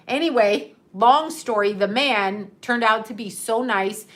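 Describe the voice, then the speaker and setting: A woman's voice: fairly high pitch, measured pace, few pauses. Laughing, profane woman telling a story. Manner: profane, laughing often, animated retelling. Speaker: host telling a personal story. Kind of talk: casual storytelling.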